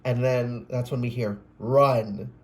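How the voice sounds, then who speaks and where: A man's voice: mid-range voice, normal speed, darkish tone. Rambling man giving a casual tarot reading. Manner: rambling, self-interrupting, swears and exclaims. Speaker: tarot reader.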